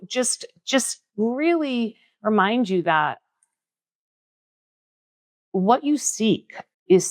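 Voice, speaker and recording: Animated woman telling stories. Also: no echo, clean studio sound. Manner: animated, acts out quoted dialogue with big jumps in pitch. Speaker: spiritual teacher and podcast host. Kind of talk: casual storytelling monologue.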